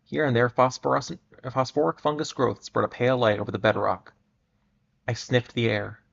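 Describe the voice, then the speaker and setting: Gravelly man reading a pulp adventure. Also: mid-range voice, a bit bright. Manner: measured, with occasional stumbles and restarts. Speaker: reader. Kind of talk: dramatic reading of pulp fiction. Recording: muffled lo-fi recording.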